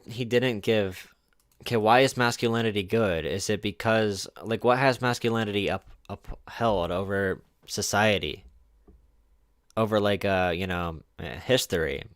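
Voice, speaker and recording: A man's voice: fairly low pitch, a little slow, fairly bright tone, no echo, clean studio sound. A man streaming live, reacting to a video with sarcastic, mocking commentary and talking back at the speaker.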